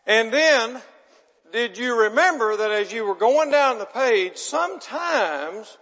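Man, high-pitched, folksy preacher who keeps quizzing the congregation, reverb-heavy hall. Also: lively intonation, takes it slowly, a bit bright. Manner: chatty, asks the audience questions, self-deprecating. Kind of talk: folksy sermon with audience banter.

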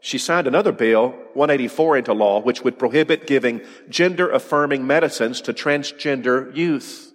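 A man's voice: medium pitch, moderate pace, hardly any pauses, big-room sound. A man preaching a sermon, emphatic, firing off rhetorical questions and repeating his words as he drives a point home.

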